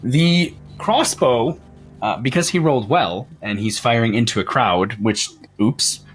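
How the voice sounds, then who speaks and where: A man's voice: medium pitch, measured pace, soft background music. A man narrating as game master for a tabletop roleplaying game, in a loose, rambling way that keeps breaking into laughter.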